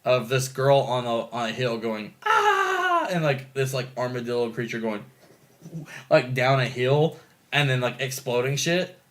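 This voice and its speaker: A young man co-hosting a podcast, telling stories in an excitable, animated way and swearing freely. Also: mid-range voice, moderate pace. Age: young adult. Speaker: podcast co-host. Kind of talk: casual chat.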